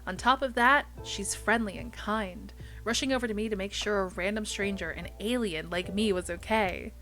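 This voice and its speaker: A young woman streamer reads a visual novel aloud with running commentary. Her delivery is lively, and she swears casually and trips over odd names. Her voice is bright and sharp, with faint music underneath. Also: mid-range voice, normal speed.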